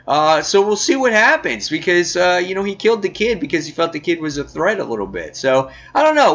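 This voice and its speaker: Bright-voiced man reviewing a comic. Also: on the high side, lo-fi sound. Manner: chatty, with many fillers. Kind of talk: casual video review.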